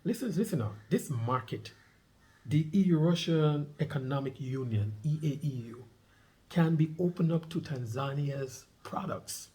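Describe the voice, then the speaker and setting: Reading a news article on his vlog, a middle-aged man pauses to offer commentary, stressing and repeating the important points. His voice sits on the high side with a darkish tone, and his pace is a little slow. He also urges listeners to underline words.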